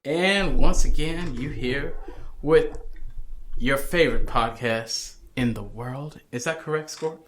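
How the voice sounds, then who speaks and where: A laid-back male podcast host, chatting and laughing in a loose, tipsy way. His voice sits at a middle pitch, with faint music playing underneath. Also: takes it slowly, fairly bright tone. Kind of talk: casual podcast banter.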